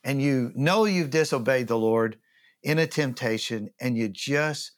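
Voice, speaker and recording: A man's voice: mid-range voice, measured pace. A male pastor preaching a sermon in a conversational way, often asking his listeners questions.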